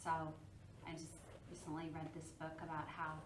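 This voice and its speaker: Hesitant woman from the group, low voice, recorded from far off in an echoey, noisy room. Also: completely flat delivery, normal speed. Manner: hesitant, tentative phrasing. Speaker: group participant. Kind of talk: casual question from audience. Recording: distant, echoey room with background noise.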